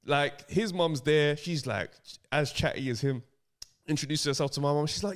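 A man, a podcast co-host, tells an anecdote with quick, expressive reactions. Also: fairly high pitch. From Jamaican heritage. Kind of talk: casual storytelling chat.

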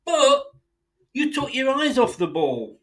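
A man's voice: extremely high pitch, huge pitch swings, takes it slowly, low-quality recording. A man hosting a football fan podcast, delivering an indignant, sweary solo rant addressed straight at his club's owners.

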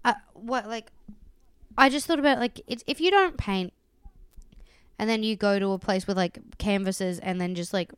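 Clear woman rambling earnestly. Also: mid-range voice, normal speed, dry recording. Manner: rambling, earnest, many fillers. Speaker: podcast co-host. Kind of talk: casual recap chat.

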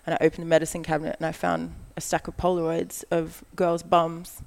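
Chatty woman telling a story, gravelly edge. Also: low voice, brisk. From Australia. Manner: animated storytelling, acts out quoted lines, frequent "like". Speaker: guest, model. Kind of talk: casual storytelling chat.

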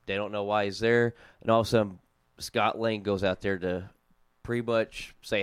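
A man's voice: lowish voice, fairly even intonation, normal speed, clear, resonant tone, no echo. A young man with a Southern US accent, telling a story animatedly as a podcast co-host and laughing often. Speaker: podcast co-host recapping comics. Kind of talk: casual chat.

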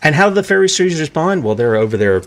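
A man's voice: a little high, very animated, fast talker. A man preaching a sermon who asks his listeners rhetorical questions and acts out the characters in the stories he tells.

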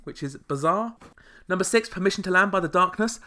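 A man hosting a comedic podcast, full of sarcastic deadpan asides. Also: high voice, fast. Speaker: podcast host.

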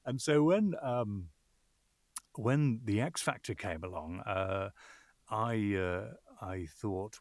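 A voiceover artist answering interview questions, thoughtful and expansive with self-deprecating humor. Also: male voice, on the low side, slow pace, no room sound.

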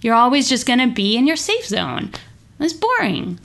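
A woman's voice: normal speed, gravelly. Passionate, emphatic woman yoga teacher. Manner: passionate, emphatic, swings high and animated. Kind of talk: podcast interview.

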